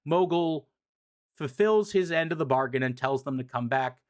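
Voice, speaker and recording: A streamer retelling comic book issues in a casual, excitable way, swearing freely and often correcting words partway through. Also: mid-range voice, normal speed. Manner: profane, excitable, paraphrases characters' lines; repeats and corrects words mid-sentence.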